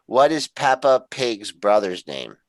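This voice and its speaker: A man's voice: fairly low pitch, sing-song, slow pace, dry recording. A man co-hosting a trading talk show who speaks briefly and casually, then gives market levels. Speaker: co-host.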